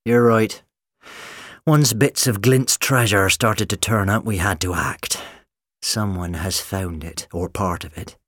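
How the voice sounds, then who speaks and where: Scheming robot woman played by a man, raised brisk delivery, audiobook villain. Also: fairly low pitch, steady tone, a bit bright, dry recording, clean studio sound. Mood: cold scheming. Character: female killer robot posing as a woman, cold.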